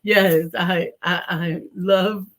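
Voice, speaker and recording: A woman's voice: lowish voice, fairly even intonation, very slow, a bit bright. A middle-aged woman hosting a casual live show, playful and teasing, laughing easily as she reads out viewer comments. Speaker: show host.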